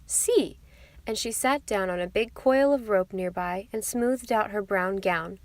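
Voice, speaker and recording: A woman narrating a children's classic audiobook in a clear, steady storytelling manner. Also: medium pitch, normal speed, dry recording.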